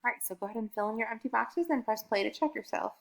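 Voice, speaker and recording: A woman's voice: fairly high pitch, vocal fry. Upbeat woman teaching kindergarten math. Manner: upbeat and encouraging, counts aloud slowly, stretches key sentences. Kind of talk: recorded video math lesson for young children.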